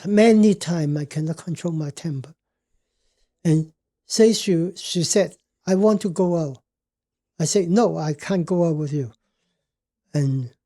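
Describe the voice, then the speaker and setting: An older man as a podcast guest, telling a personal story in a halting way, searching for words. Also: high voice, dark tone.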